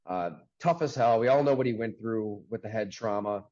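A man hosting a casual sports podcast over a video call from a sports bar, talking in an upbeat, chatty way with quick asides. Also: lowish voice, a little mellow, muffled recording. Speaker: podcast host.

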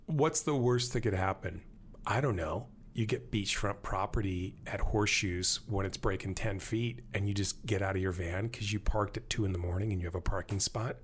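A man talking in a casual podcast conversation, animated and rambling, joking as he tells stories. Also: on the low side, normal speed, slight background noise. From born in Germany to American parents. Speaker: podcast guest.

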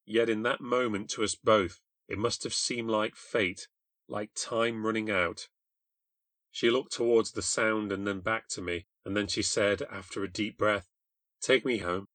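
Low-voiced man narrating a ghost story. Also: fairly even intonation, a little slow, a bit bright, no echo. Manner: blunt, sardonic, self-deprecating. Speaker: storyteller and podcast host. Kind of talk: first-person scripted narration of a ghost story.

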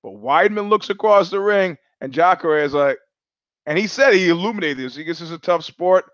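A man hosting a podcast, talking in a casual monologue. He is an animated storyteller who acts out quoted voices, swears freely and often restarts his sentences. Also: sits high, brisk, no room sound, highs cut off. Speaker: podcast host.

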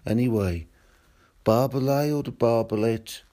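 A man with a mid-range voice leaves a relaxed voice message. He explains slowly and without hurry, in an easygoing tone. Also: mid-range voice. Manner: easygoing, explaining at a leisurely pace. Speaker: caller leaving a voice message. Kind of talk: casual voice message.

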